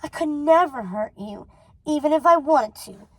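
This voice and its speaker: A woman's voice: sits high, lively intonation, moderate pace, a bit bright, pitched above the performer's own voice, low-quality recording. A woman voicing a cold, possessive old witch mother who speaks with icy scorn, reading a storybook aloud. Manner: icy and scornful, then doting.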